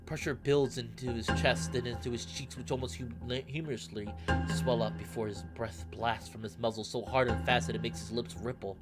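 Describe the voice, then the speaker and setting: A man reading a visual novel aloud in steady narration, breaking into excited asides. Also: medium pitch, normal speed. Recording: narration over loud game music. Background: background music.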